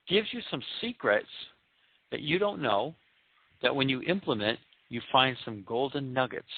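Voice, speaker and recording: A man's voice: medium pitch, dry recording. A man hosting a business podcast, talking emphatically with rhetorical questions and repeated points. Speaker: podcast host. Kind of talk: motivational business talk. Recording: tinny phone-like lo-fi sound.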